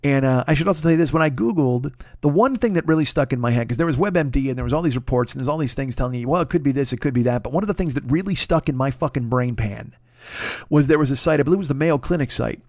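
A man's voice: mid-range voice, fast talker, darkish tone, no room sound, studio quality. A man hosting a podcast, telling a rambling, profane, confessional story in a casual monologue. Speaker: podcast host.

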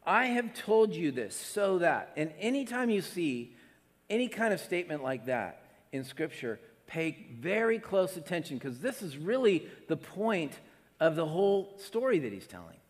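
A man preaching a sermon with animated delivery, at times dropping to soft, hushed tones. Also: fairly high pitch, moderate pace. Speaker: pastor. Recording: long hall reverb.

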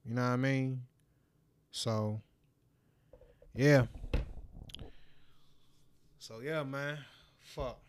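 A man's voice: mid-range voice, fairly even intonation, very slow, long pauses, a little hiss or hum. A man hosting his own podcast, rambling and swearing in a casual solo monologue, laughing often. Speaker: podcast host.

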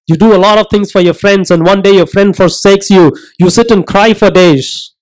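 A man preaching a sermon, earnest and emphatic, asking rhetorical questions and slowing down to stress his points. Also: high-pitched, a little mellow, low-quality recording.

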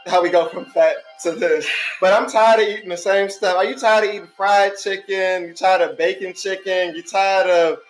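Chatty high-voiced man podcast co-host. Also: steady tone, normal speed, few pauses, faint music behind, low-quality recording. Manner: chatty, laughs easily, rants about everyday annoyances. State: tipsy from wine. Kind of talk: casual podcast banter.

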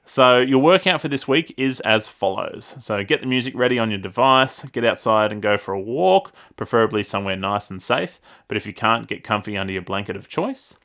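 A man with an Australian accent co-hosts a casual podcast, chatty and quick to laugh, sometimes tripping over his words. His voice sits a bit low but sounds bright and forceful. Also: lively intonation. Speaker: podcast co-host.

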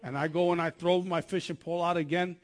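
A man's voice: high-pitched, flat delivery, quick pace. A man preaching a sermon, telling his testimony in an earnest, conversational way and often restarting his sentences.

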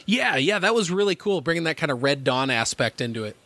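A man's voice: on the high side, big pitch swings, brisk, bright, forceful tone, no room sound. A man co-hosting a casual podcast chat, laughing often and swearing freely. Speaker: podcast co-host.

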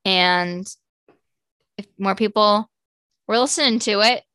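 Bright and forceful, her mid-range voice carries quick, fan-girly gushing. The speaker is a twenty-something woman co-hosting a podcast in casual chat, filling her sentences with lots of "like."

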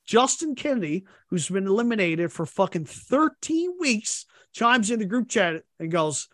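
A man's voice: high voice, big pitch swings, moderate pace, hardly any pauses, a bit bright, dry recording, studio quality. A man hosting a podcast, talking in a casual, profane way and acting out other people's chat messages. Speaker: podcast host. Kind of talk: casual fantasy sports chat.

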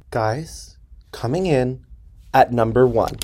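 Young adult man, New Jersey accent, comedic podcast host; hyperbolic, profane, animated delivery. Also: mid-range voice, takes it slowly. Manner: animated, profane, hyperbolic ranting with frequent laughs. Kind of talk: casual comedic monologue. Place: parents' basement.

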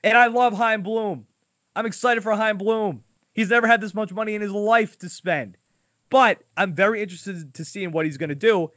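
A man's voice: high-pitched, normal speed, a bit bright, no room sound. A man hosting a podcast in casual, opinionated sports chat, talking emphatically. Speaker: podcast host. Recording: dull lo-fi dry sound.

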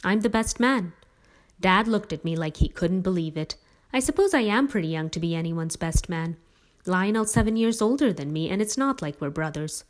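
A woman narrating a family story aloud in a lively, expressive reading. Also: on the low side, brisk.

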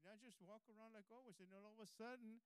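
A man's voice: high-pitched, fairly even intonation, quick pace, clear, resonant tone, no room sound, poor audio. A man preaching a sermon as pastor at an evening church service, exhorting the congregation in a conversational way and reading scripture aloud. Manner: exhorting, conversational, breaks into soft laughs.

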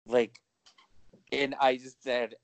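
A man's voice: medium pitch, flat delivery, slow, no room sound. A man co-hosting a podcast in casual chat, talking freely with lots of swearing and laughter. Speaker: podcast co-host.

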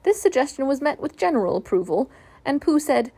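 Woman reading a storybook, gravelly voice. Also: sits high, sing-song. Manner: gentle, measured reading. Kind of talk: storybook narration.

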